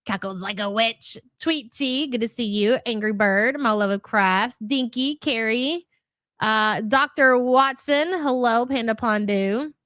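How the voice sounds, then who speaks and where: A woman's voice: fairly high pitch, unhurried, fairly bright tone, dry recording, clean studio sound. A woman hosting a casual live stream who is fighting a cold. She chats along as she greets viewers one by one, reading out their names and calling them hun. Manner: chatty, reads out viewer names, calls people hun. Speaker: livestream host.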